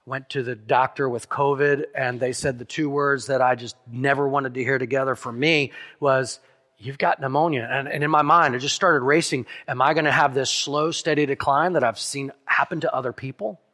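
A man preaching a sermon as pastor, earnest, dropping softly on key lines and speeding through asides. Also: mid-range voice, fairly even intonation, normal speed. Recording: long hall reverb.

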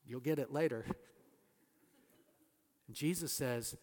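A man with a high-set voice preaching a sermon, his words ringing out in a long hall reverb. He presses his points hard, then sinks to near-hushed tones. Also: lively intonation, a little slow. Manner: emphatic preaching that drops to soft, hushed lines. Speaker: pastor.

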